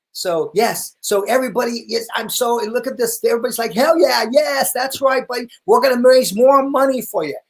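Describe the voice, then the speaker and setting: A middle-aged man hosting a hair education livestream, enthusiastically thanking viewers and calling out to his family off camera. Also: high voice. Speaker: hair education show host. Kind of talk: livestream closing address to viewers.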